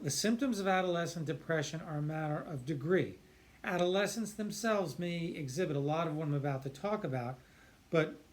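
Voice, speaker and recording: A man, a psychiatrist, explaining earnestly and emphatically, stretching key words and often restarting his sentences. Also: fairly high pitch. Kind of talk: explanatory talk to camera.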